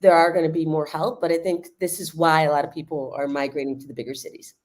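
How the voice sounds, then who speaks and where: A woman with a lowish voice talks through her points on a video call, explaining at length and breaking into laughter. Her delivery is casual and animated, full of asides and questions to the host. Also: quick pace. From United States. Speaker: guest living in Lisbon. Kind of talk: casual livestream discussion.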